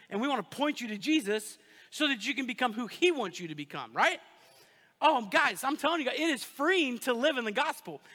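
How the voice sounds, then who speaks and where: A man preaching a sermon as pastor, joking and energetic, with call-and-response asides to the congregation. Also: extremely high pitch. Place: church sanctuary. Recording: long church reverb.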